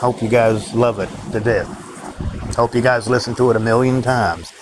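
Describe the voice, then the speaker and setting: A man rants to his viewers in a bitter, worn-out way, cursing often and laughing dryly between complaints. His voice sits at an ordinary middle pitch. A steady noise runs behind him, with passing vehicles. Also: normal speed. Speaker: vlogger. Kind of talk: ranting monologue to viewers.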